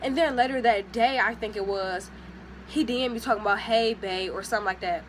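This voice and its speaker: A young woman tells a casual vlog story in a slightly high voice. She is sassy and animated and acts out what other people said. A faint ambient noise sits under her voice. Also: brisk. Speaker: vlogger.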